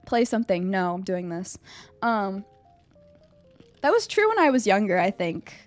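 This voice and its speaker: A young woman streaming live, chatting casually with her chat and answering a quiz about herself, animated and at times breaking into loud high squeals. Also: moderate pace, dry recording, soft background music. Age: young adult. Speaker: VTuber streamer.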